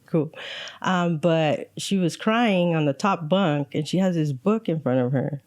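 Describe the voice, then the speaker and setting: A woman's voice: sits low, measured pace, darkish tone, no echo, clean studio sound. A woman in her forties, from El Monte, California, telling her own story as a podcast guest, frank and wry. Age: 40s. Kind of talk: candid personal story.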